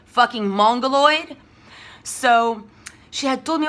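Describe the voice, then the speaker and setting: Woman, bright tense voice, rambling, profane, emphatic. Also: medium pitch, normal speed. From Russia. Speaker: spiritual vlogger. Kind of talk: rambling monologue.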